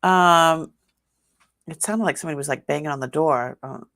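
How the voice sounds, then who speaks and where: A woman's voice: low voice, moderate pace, fairly bright tone, no echo. An older woman hosting a live jewelry sale, chatting casually and laughing often. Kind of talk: casual live-stream selling.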